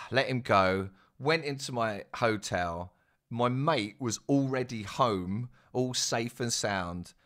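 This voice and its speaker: A man's voice: medium pitch, slow, a bit bright. A young man telling a rambling, casual anecdote with plenty of swearing. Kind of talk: casual storytelling.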